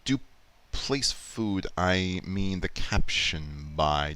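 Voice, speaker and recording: A man with a deep, smooth voice chats through his editing work as he goes. He explains ideas like a loose lesson, thinking aloud and restarting sentences. The sound is dry and close, with little room behind it. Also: animated, very slow, pushed and bright, no echo. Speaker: YouTube Poop editor streaming. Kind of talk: casual live-stream commentary, teaching.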